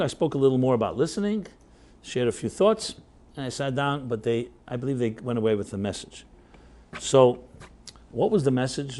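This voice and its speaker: A man's voice: mid-range voice, a little mellow. A man, a rabbi, telling a story to a workshop audience in a loose conversational way, full of fillers, chuckles and tag questions. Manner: anecdotal, chuckling, filler-heavy.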